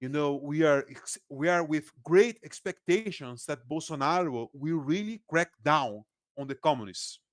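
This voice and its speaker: Man, Brazilian accent, native Portuguese speaker, political analyst guest, lively, laughing, restarts sentences, fairly high voice. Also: moderate pace, no echo, clean studio sound. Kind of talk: casual podcast interview.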